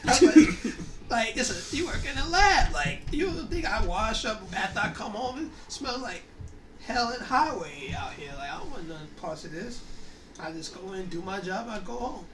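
A man's voice: sits high, normal speed, reverberant, distant mic, music in the background. A man co-hosting a podcast, telling a work story in casual chat with lots of laughter. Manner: animated storytelling, laughs often. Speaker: podcast co-host.

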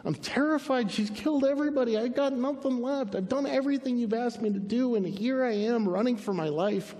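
A man's voice: very high voice, a little fast, warm tone, pitched above the performer's own voice. A man voicing a frightened, weary prophet who whines in self-pity while hiding in a cave. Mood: fearful. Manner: whiny, self-pitying. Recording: long hall reverb.

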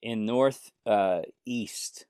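Musician guest from New York. Low, relaxed, rambling delivery with a dry sound. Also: male voice, extremely slow, smooth, dry recording. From New York, USA. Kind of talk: casual interview chat.

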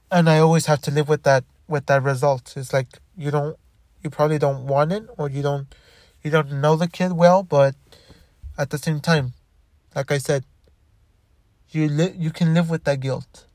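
A young man hosting a solo podcast, talking in a halting, rambling way with many restarts and frequent swearing. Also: fairly high pitch, steady tone, a little mellow, dry recording, clean studio sound. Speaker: podcast host.

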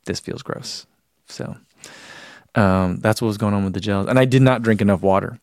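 A man's voice: lowish voice, a little fast, darkish tone, clean tone, no room sound, studio quality. A man hosting a running live stream, chatting casually, reading out viewer comments and rambling with self-deprecating laughs.

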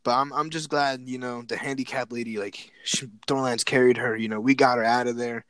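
A young man casually telling a story, animated and excited, repeating words and acting out what people said. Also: medium pitch, brisk, dry recording.

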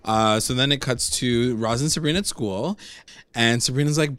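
A man's voice: mid-range voice, moderate pace, fairly bright tone, smooth, no echo. A man in casual chat, rambling through a recap of a TV episode and leaning on "like" a lot. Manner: chatty, rambling, heavy use of "like".

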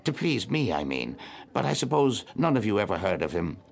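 A man's voice: lowish voice, very animated, brisk, creaky, full character voice. A man voicing an elderly woman, a proud and wistful hostess who reminisces about the past.

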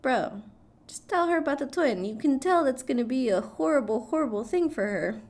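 A woman's voice: high voice, lively intonation, moderate pace, a little mellow. A young woman retelling a film plot in casual chat. She talks with a lot of profanity, laughs often, and fills her speech with "like" and "blah, blah.".

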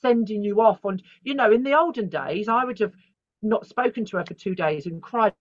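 A woman's voice: medium pitch, animated, brisk, dry recording. A middle-aged woman talking as an artist guest in an interview, telling stories frankly and animatedly with the odd swear word. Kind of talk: candid interview conversation. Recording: dry, dull lo-fi sound.

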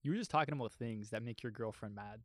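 A man's voice: mid-range voice, fast, no echo, studio quality. A young man chatting on a podcast, laid-back and telling stories, dropping "bro" often. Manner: laid-back, storytelling, says "bro" a lot. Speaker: podcast co-host. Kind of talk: casual chat. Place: podcast studio.

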